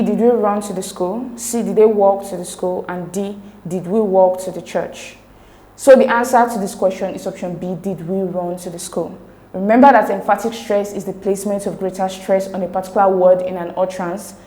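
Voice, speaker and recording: A woman tutor talking through exam answers step by step, slow and careful as she spells out sounds and options. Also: mid-range voice, warm tone, reverberant, low-quality recording. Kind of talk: recorded exam lesson explaining answers.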